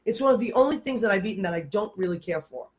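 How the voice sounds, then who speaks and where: A woman's voice: mid-range voice, expressive, fast, a little mellow. Chatty woman radio host. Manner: chatty, asks many questions. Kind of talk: casual chat.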